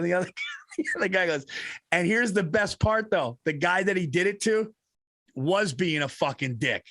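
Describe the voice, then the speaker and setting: Male podcast co-host, animated storyteller, high pitch, dry sound, lots of laughter. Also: fairly quick, no room sound. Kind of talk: casual comedic chat.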